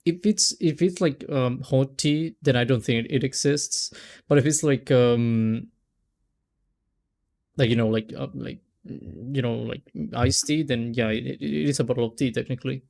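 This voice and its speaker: A man chatting loosely while he plays a game on stream. His voice is warm and mellow at a middle pitch. He rambles, laughs and stumbles over words. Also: moderate pace, vocal fry. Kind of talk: casual let's-play chat.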